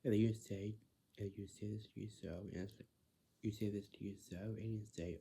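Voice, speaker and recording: A man's voice: on the low side, steady tone, normal speed, creaky, warm tone, breathy edge. A man talking casually in a repetitive, lecturing way, often ending lines with "right?" and sometimes dropping into a whisper. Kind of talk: casual monologue.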